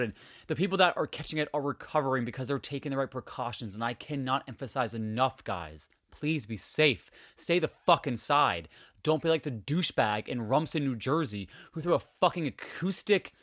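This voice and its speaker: A man's voice: on the high side, a bit bright, no room sound, studio quality. A man hosting a podcast in a candid, emotional monologue, swearing freely as he rants. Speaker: podcast host. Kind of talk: casual podcast chat.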